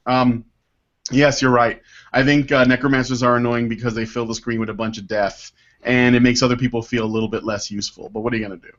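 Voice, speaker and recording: A man's voice: mid-range voice, little pitch movement, fast talker. Rambling man hosting a podcast. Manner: rambling, filler-heavy, swears freely. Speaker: podcast host. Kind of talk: casual podcast chat and letter reading. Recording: dull lo-fi podcast audio.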